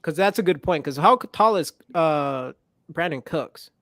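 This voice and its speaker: A man's voice: on the high side, lively intonation, moderate pace, vocal fry, fairly bright tone, dry recording, clean studio sound. A man co-hosting a casual sports podcast, agreeable and easygoing. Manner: easygoing, agreeable, laughs often. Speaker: podcast co-host.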